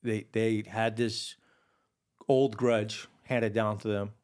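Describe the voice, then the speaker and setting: A man in his forties from Hawaii, guest on a podcast, who talks in a low-pitched, easygoing voice. He drifts through long personal stories in casual conversation, dropping plenty of "dude" and "you know" along the way. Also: little pitch movement, slow pace, darkish tone, smooth. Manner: laid-back, rambling, peppered with "dude" and "you know".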